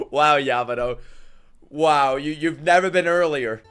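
A man reacting to an anime episode live, excitable and swearing a lot as he talks back at the screen. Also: fairly high pitch, slow, clean tone, soft background music.

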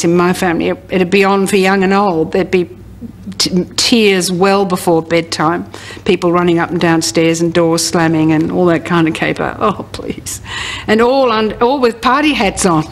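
A woman's voice: on the low side, steady tone, normal speed, a little hiss or hum. A middle-aged woman in an interview, telling a story with a sardonic, dramatic manner. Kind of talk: casual chat.

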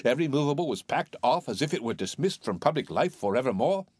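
A man reading a classic novel aloud as an audiobook narrator, in an animated, theatrical way. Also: mid-range voice, fast talker, slightly rough, no echo.

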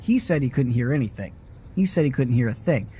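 A man's voice: medium pitch, lively intonation, a little fast, mellow, slight background noise. A man streaming a horror game live, rambling and swearing casually as he plays. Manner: rambling, self-interrupting and swearing; frequent laughing asides. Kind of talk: casual live gaming commentary.

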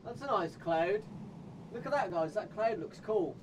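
A young man from England giving live commentary as he plays a horror game, jumpy and prone to yelping and shouting in fright. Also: high voice, animated, a little slow, background noise. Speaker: streamer.

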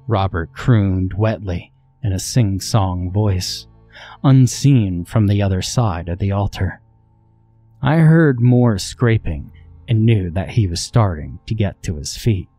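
Deep, dark-toned male horror narrator. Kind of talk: first-person horror story narration.

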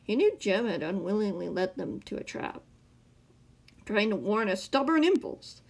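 Woman reading a story aloud, animated. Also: mid-range voice. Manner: expressive narration with self-corrections. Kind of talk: reading fan fiction aloud.

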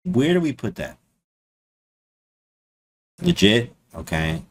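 A man streaming casually to his chat, slangy and animated, repeating his phrases. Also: on the low side, a little slow, a little hiss or hum. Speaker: chess streamer.

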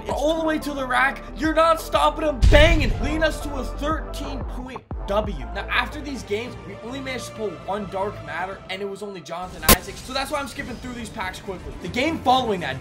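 Hyped male gaming YouTuber, high voice, music under him, loud bursts and swearing. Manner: hyped, loud outbursts and cursing. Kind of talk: excited gaming commentary. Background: background music.

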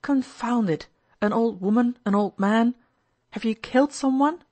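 A woman's voice: medium pitch, animated, normal speed, no echo. A woman reading the part of a reproachful, uneasy young man in an audiobook, who keeps asking anxious questions.

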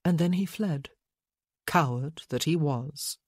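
An audiobook narrator reading a romance novel in a measured way. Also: mid-range voice, no echo, studio quality. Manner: slow, measured. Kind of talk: scripted narration.

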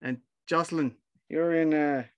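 A man's voice: a little high, fairly even intonation, normal speed, clear, resonant tone. A friendly, informal man hosting an online gathering over a video call. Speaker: event host.

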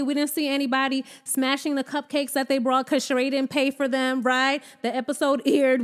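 High-voiced woman, sassy and fed up, recapping reality tv with big pitch swings. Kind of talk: casual commentary.

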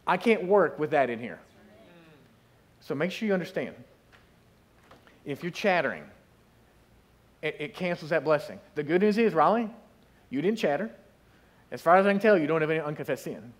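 Pastor, male, high voice, lively storytelling sermon with acted-out quotes. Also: a little fast, pauses often. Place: church sanctuary.

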